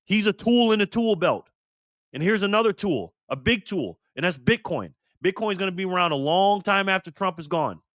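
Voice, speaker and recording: A man's voice: fairly high pitch, bright, forceful tone, no echo, clean studio sound. An older man hosting a casual live stream, fired up and swearing, greeting viewers in the chat by name. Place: garage.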